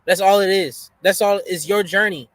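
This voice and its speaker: A man's voice: high-pitched, steady tone, normal speed, fairly bright tone, no room sound. A man hosting a reaction video, giving casual, preachy motivational asides in slangy speech. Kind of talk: casual commentary.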